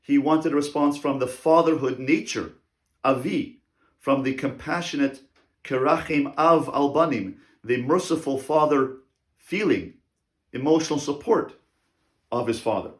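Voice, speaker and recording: A man teaching as a rabbi in a religious lecture on parenting, speaking deliberately and repeating key phrases for emphasis. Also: medium pitch, echoey room.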